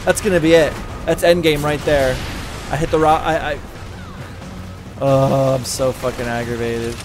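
A man's voice: medium pitch, little pitch movement, normal speed, music in the background. A man streaming a video game live, ranting and swearing at the game with mounting frustration. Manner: profane, exasperated ranting and yelling. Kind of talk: live gameplay commentary. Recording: game audio noise behind. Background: game gunfire and vehicles.

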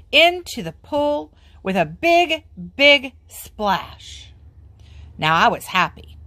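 A woman reading a children's book aloud in an expressive, sing-song way. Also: mid-range voice, no room sound. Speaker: storybook reader.

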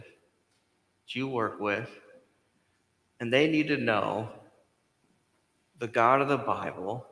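A man preaches a sermon in a chatty, direct way. His voice is bright and forceful, moving between loud emphasis and quiet, hushed lines. It rings with a long echo through a church hall. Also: medium pitch, gravelly. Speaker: pastor. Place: church sanctuary.

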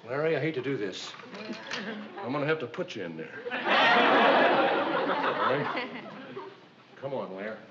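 A man's voice: medium pitch, animated, normal speed, pauses often, very noisy, lightly acted. A man playing a flustered sitcom husband. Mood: coaxing. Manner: coaxing, comic pleading with a dog. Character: flustered good-natured young husband. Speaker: comedy writer husband in a sitcom. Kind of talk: 1960s sitcom acting. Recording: dull 1960s TV soundtrack with roomy echo and laugh track. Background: studio audience laughter.

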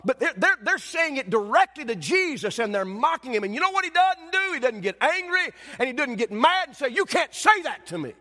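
A man preaches a sermon in a church, with a voice pitched high for a man. He swings from loud, dramatic storytelling down to hushed and earnest, and the long hall reverb hangs after each phrase. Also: very animated, a little fast, few pauses. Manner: dramatic storytelling preacher, shouting acted quotes then dropping low and quiet. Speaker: pastor.

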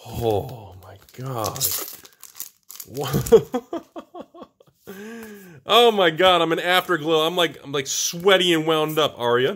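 A man hosting a card box-opening video, talking through each pull with animated, excitable commentary. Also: medium pitch. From United States. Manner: animated, swings from hushed awe to whooping excitement. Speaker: channel host opening card packs.

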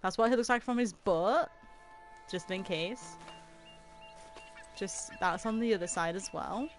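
A woman's voice: mid-range voice, measured pace, faint music behind. Chatty, giggly woman streaming a game. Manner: chatty and giggly, talking to viewers. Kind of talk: casual livestream chat while playing. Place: her own room at home.

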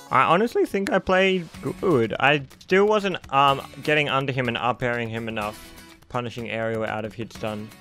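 Casting note: young man, gaming streamer, bright forceful voice, fairly high, faint music behind. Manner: excitable, reacting loudly to plays. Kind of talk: live gameplay commentary.

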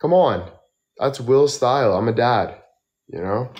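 A young man chatting casually on a phone livestream, tired and tipsy from drinking, rambling slowly with lots of fillers. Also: medium pitch, a little mellow. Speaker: model and livestreamer.

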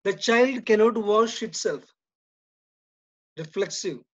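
A high-pitched male teacher with an Indian English accent moves slowly and deliberately through a grammar exercise, reading each sentence and then lowering his voice to give the answer. The recording sounds dull and lo-fi.

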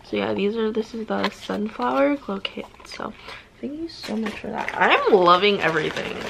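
A young woman vlogging as she unboxes gifts, gushing and excitable, full of "oh my god" and "like". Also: medium pitch, moderate pace. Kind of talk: casual unboxing vlog. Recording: clear background noise.

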